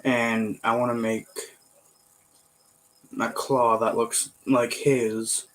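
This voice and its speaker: A man chatting casually, rambling with halting fillers and self-corrections. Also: mid-range voice, flat delivery, a bit bright, rough recording. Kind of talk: casual chat.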